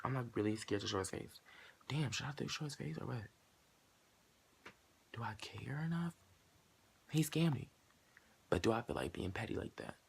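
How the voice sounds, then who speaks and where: A man in his late teens telling a story to camera in a casual vlog, animated and profane, acting out both sides of the dialogue with sudden jumps in pitch and loudness. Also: moderate pace, vocal fry, long pauses, background noise. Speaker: vlogger.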